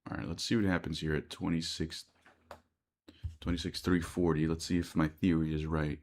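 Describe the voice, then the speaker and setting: Very deep gravelly American trader. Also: male voice, little pitch movement, normal speed, darkish tone, slight background noise. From United States. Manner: thinks aloud, repeats words, reads chat questions. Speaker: day trader streaming live. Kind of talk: live-stream commentary.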